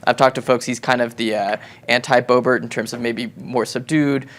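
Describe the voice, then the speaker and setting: A man's voice: medium pitch, steady tone, normal speed, a bit bright. A man giving his views on a political panel, hedging with fillers and restarts as he talks. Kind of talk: panel discussion.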